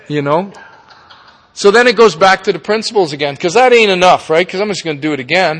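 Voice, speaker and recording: A man's voice: high voice, lively intonation, fairly quick, fairly bright tone. A middle-aged man, giving a candid, profane personal recovery talk with folksy tag questions. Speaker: speaker at a recovery meeting. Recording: long reverb of a meeting hall.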